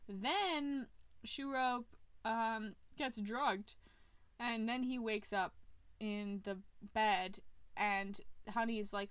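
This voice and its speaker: A woman hosting a podcast, casually retelling a movie plot in an animated way, with fillers and laughs along the way. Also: mid-range voice, slow pace, clear, resonant tone, dry recording. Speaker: podcast host. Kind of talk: casual movie recap chat.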